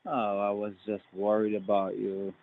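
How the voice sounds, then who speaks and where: A man's voice: lowish voice, completely flat delivery, normal speed, phone-quality sound, noisy background. A man on a call who keeps repeating endearments and exclamations. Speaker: scammer on a call.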